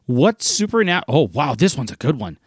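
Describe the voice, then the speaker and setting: Brief: upbeat trivia co-host, man, lively pitch, dry close mic. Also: moderate pace, breathy edge, dry recording. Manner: animated, laughs often. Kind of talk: casual trivia chat.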